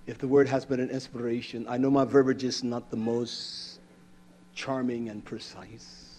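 Brief: male preacher, blunt, conversational sermon delivery, mid pitch. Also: flat delivery, normal speed, dark tone. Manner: conversational, plain-spoken, acts out scenes.

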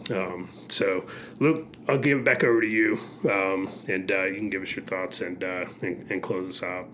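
A man, a podcast co-host, speaking earnestly and haltingly, with many fillers and restarts. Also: deep voice, steady tone, fairly bright tone, a little hiss or hum.

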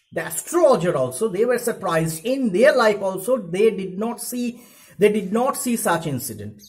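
The voice sits high and has a sing-song, slightly mellow quality at a moderate pace, though the audio is poor. It belongs to a male English teacher with an Indian accent. In a recorded lesson on a literature text, he reads a passage aloud, then restates it for students with lots of fillers.

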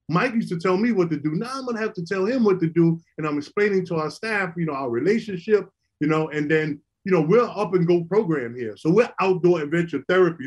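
A middle-aged former basketball player tells casual, animated stories about his recovery program. His voice sits on the high side with a breathy edge, and the recording is muffled.

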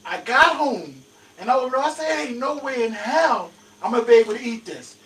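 A man's voice: very high voice, expressive, normal speed, a bit bright, far from the mic, rough recording. A man joining a radio chat, telling an emphatic story about a food order. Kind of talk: casual chat.

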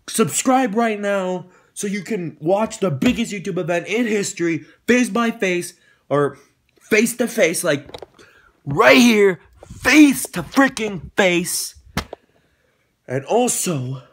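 A young man hosting his own YouTube show, talking casually and breaking into loud, sarcastic rants with swearing. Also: sits high, expressive, slow. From United States. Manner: rants loudly, swears, dramatic outbursts. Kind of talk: casual vlog monologue.

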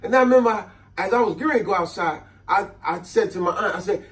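A man telling funny childhood stories to his viewers in a casual, animated way, often laughing. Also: high voice, fast talker, distant mic. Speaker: vlogger. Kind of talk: comedic storytelling. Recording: voice a bit off-mic.

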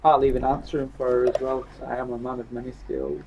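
A man's voice: mid-range voice, quick pace, muffled recording, slight background noise. A young man with a Yorkshire accent, casually reading live chat comments aloud and joking. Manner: jokey, reads comments aloud in a lively voice.

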